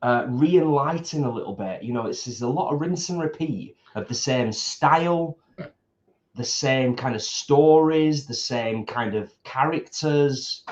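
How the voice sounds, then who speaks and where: A man's voice: mid-range voice, a little slow, lo-fi sound. Chatty man eating on a livestream. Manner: chatty, rambling, reads viewer comments. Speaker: co-host of a food channel. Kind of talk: casual chat while eating live. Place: home, eating at a table.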